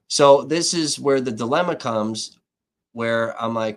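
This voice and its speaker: A male livestream host tells a story in loose, swearing-heavy speech that keeps heating up. His pitch sits in the ordinary middle range for a man. He reads as an independent reporter venting at his audience and laughs now and then between points. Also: slow. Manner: profane, heated retelling of a dispute.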